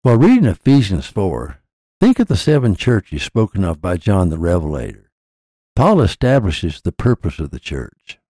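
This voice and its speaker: A man with a low, mellow voice narrates a scripted scripture lesson. His pitch rises and falls widely as he sets out each point in measured, declarative sentences. The sound is close and dry. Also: wildly swooping pitch, dry recording. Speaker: podcast narrator. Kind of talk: scripted religious teaching.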